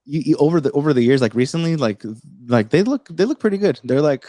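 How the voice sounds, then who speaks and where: A man's voice: a little high, animated, fast talker, dark tone, no room sound. A man hosting a casual tech livestream, rambling with many fillers and restarts. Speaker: livestream host.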